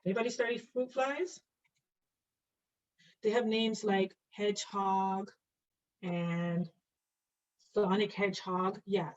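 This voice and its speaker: A nursing teacher whose medium-pitched voice is a little mellow lectures online as she draws. She quizzes students by name and playfully makes fun of her drawing. The sound quality is lo-fi, muffled and distant.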